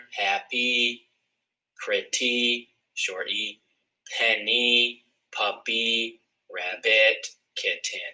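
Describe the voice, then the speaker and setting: A man teaching a recorded phonics lesson, explaining word patterns clearly, step by step. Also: fairly low pitch, bright, forceful tone, low-quality recording.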